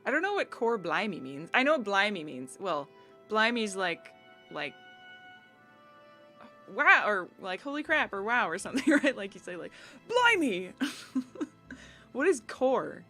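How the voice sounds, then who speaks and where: A woman's voice: medium pitch, very animated, normal speed, bright, forceful tone. Bubbly giggly American woman streamer. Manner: bubbly, giggly, reads chat aloud and riffs. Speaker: streamer chatting with viewers. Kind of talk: casual live-stream chat. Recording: faint game music behind.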